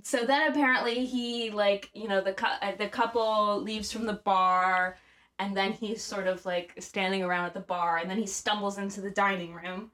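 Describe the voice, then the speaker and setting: A woman's voice: medium pitch, fairly even intonation, moderate pace, a bit bright. A woman co-hosting a casual podcast, reading a story aloud with acted quotes and frequent laughter. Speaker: podcast co-host.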